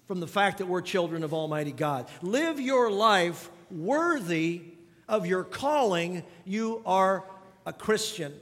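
A man with a high voice preaches a sermon in a church sanctuary. He hammers his points by repeating key lines and throwing questions at the congregation. A long reverb trails his words through the hall. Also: fairly bright tone. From grew up on a farm. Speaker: pastor.

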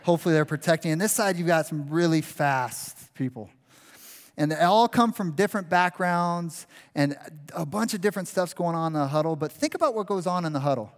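A pastor delivers an animated sermon from the pulpit, acting out what a crowd would shout at the players. His voice sits somewhat high for a man, he talks a little fast, and a long reverb from the large church sanctuary fills the sound.

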